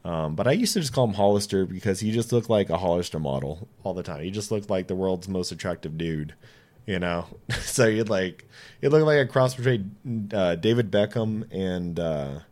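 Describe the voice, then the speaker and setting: A man in his late twenties, a podcast guest, telling casual stories with animated delivery, acting out quoted dialogue and swearing freely. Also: deep voice, normal speed. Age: 20s. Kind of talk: casual storytelling.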